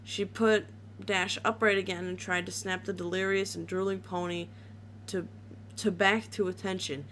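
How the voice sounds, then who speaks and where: Woman reading a creepy story out loud, mid pitch, bit of hum behind. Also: little pitch movement, moderate pace. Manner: casual reading with slips and restarts. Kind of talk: reading a horror story aloud.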